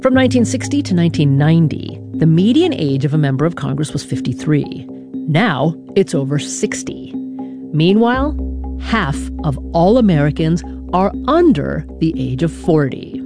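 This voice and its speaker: A woman hosting a radio news show, reading a scripted narration in a measured, deliberate way with dramatic pauses. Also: sits low, sing-song, music in the background.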